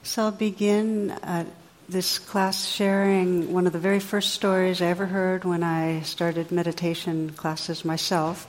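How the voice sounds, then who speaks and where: A woman meditation teacher giving a dharma talk to a class, gentle and reflective, guiding listeners in quiet reflection. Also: fairly low pitch, little pitch movement, unhurried, in a large hall.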